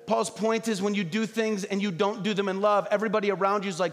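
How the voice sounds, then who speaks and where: A middle-aged man preaching a sermon as pastor, animated, often acting out quoted voices. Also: high voice, fast talker. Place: church hall. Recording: reverberant hall.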